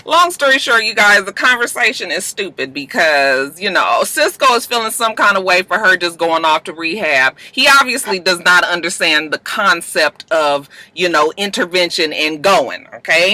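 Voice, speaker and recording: A woman's voice: medium pitch, animated, normal speed, pushed and bright, no echo. A woman vlogger recapping a reality show in casual, chatty, profane talk, addressing viewers directly. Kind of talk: casual chat.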